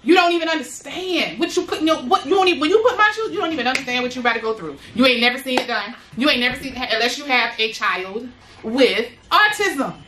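A woman's voice: high-pitched, animated, fast, roomy sound, background noise. A woman giving an emphatic, casual motivational talk to other parents, repeating phrases and using slang as she stresses her points. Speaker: motivational speaker, mother of boys with special needs.

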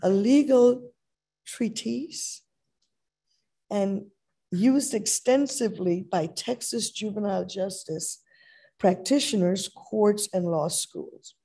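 A woman moderator reads a formal speaker introduction at a slow, deliberate pace. Her voice is dark and mellow, with a gravelly, husky texture. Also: medium pitch.

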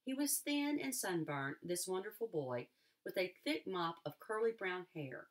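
Woman, teacher, reading a novel aloud, expressive storytelling, lively pitch, occasional restarts.

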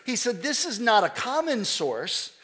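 A man's voice: very high-pitched, sing-song, measured pace, a bit bright. A pastor preaching a sermon in an earnest style, reading scripture aloud and often restarting his sentences.

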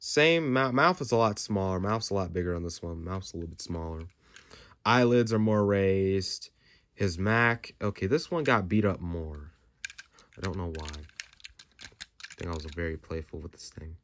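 A young man casually reviewing his toy truck. He rambles and jokes, jumping between loud bursts and mumbled asides. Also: low voice, a little slow. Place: home room.

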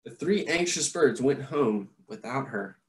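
Slow, animated man reading a storybook. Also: mid-range voice, echoey room. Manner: expressive, animated, with asides to listeners. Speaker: storytime reader. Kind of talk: children's picture book read-aloud.

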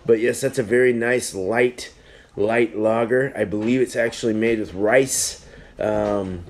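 A man with a low voice chats slowly and loosely on a live stream. He rambles, repeats himself and gets sidetracked, chuckling as he reviews beers. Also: fairly even intonation. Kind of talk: casual live-stream chat.

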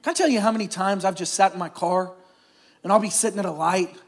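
A middle-aged man, a pastor preaching a sermon, animated at times and then dropping to soft, hushed stretches. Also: sits high, quick pace.

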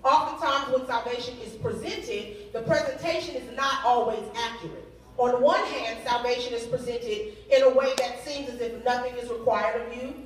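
A high-voiced woman preaches a lively sermon, leading her congregation in call and response with a playful touch. Her voice comes from far off and rings through a very echoey hall. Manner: lively, humorous, leads congregation in repetition. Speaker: youth day speaker. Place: church sanctuary.

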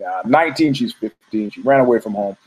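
A man's voice: fairly low pitch, expressive, brisk, darkish tone, slightly rough, low-quality recording. A man hosting a talk show, rambling through a profane story full of restarts and asides. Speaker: host.

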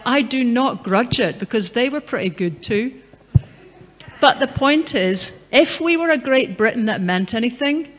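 A middle-aged woman with a bright, forceful voice speaks to an audience in a conversational, storytelling manner. Her words ring out with a long reverb from a large public hall, picked up through a PA mic. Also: on the high side. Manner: conversational, anecdotal, emphatic. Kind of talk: lecture and Q&A answer.

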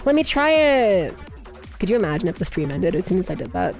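A young woman streamer chatting casually with viewers, swearing, laughing and breaking into loud outbursts. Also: on the low side, sing-song, brisk, vocal fry, faint music behind.

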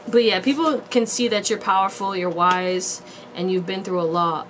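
A woman's voice: medium pitch, a little fast, slight background noise. A woman giving a casual pick-a-card tarot reading to viewers, chatty and slangy with frequent laughs. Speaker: tarot reader.

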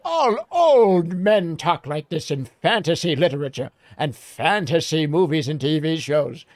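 Old wrinkled villager, wry and theatrical, drawn-out talk, lively swoops, dry close sound, a man doing the voice. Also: fairly high pitch, dry recording, pitched above the performer's own voice. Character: weathered old male hill dweller, wry and talkative. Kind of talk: reading a game aloud with character voices.

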